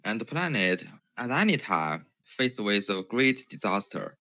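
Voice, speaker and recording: A man calls in and explains at length in a second language, often stopping to restart his sentences. His voice is low but swings widely in pitch and sounds bright. The call audio is dull and muffled. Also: big pitch swings, measured pace, dry recording. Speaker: caller. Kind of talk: casual chat in a second language.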